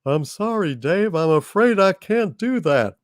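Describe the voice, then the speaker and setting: A folksy, middle-aged propane salesman running a spaceship's computer, as a man puts him on. He scolds with proud, down-home salesman talk in a lively, bouncing twang. The sound is dry and up close. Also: sits high, unhurried, no room sound, voice pushed up. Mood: scolding.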